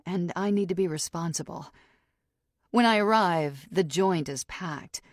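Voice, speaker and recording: A woman narrating a thriller audiobook in the first person, in a steady, intimate way. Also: low voice, no room sound, studio quality.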